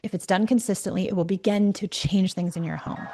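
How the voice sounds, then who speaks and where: A woman's voice: mid-range voice, steady tone, a little fast, dark tone. A middle-aged woman hosting a parenting podcast, talking earnestly and directly and sometimes restarting her words. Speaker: parenting coach and podcast host. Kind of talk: solo podcast talk.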